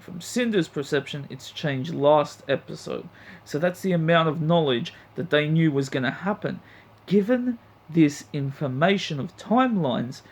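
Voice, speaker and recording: A man's voice: fairly high pitch, vocal fry. A man reviewing an anime episode in a blunt, profane, heated rant. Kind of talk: ranting review vlog.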